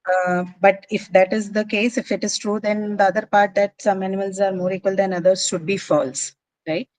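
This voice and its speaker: A woman's voice: medium pitch, flat delivery, normal speed, a little mellow, no room sound, rough recording. A woman teaching a class, explaining figures of speech patiently and checking that students follow. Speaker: English literature teacher. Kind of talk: classroom lecture.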